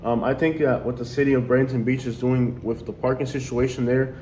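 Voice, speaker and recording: A man's voice: mid-range voice, steady tone, a little fast, a little mellow, a little hiss or hum. A man who runs a YouTube channel, talking casually to his viewers in an indignant, complaining way. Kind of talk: casual vlog.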